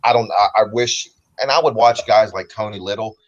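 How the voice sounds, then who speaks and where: A relaxed man with a low baritone and a light Southern American accent rambles comfortably as an interview guest. He sounds a little dull and lo-fi, as if he is coming in over a remote call. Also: a little fast. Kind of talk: casual interview talk.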